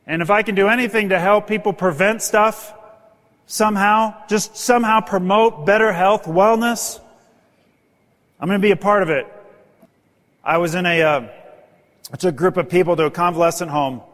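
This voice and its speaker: A man's voice: fairly even intonation, normal speed, long pauses, a bit bright. A man telling heartfelt stories to an audience in an earnest, emotional manner, as a motivational speaker. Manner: earnest, emotional, rises in pitch when stirred. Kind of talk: storytelling speech to an audience. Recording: long hall reverb.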